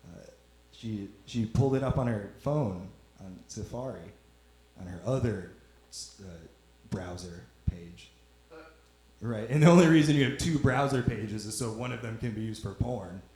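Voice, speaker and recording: A man's voice: lowish voice, normal speed, a little mellow. A young man doing a rambling stand-up set, teasing the audience in a loose, drawling way on a club stage. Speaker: stand-up comedian. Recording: echoey club room.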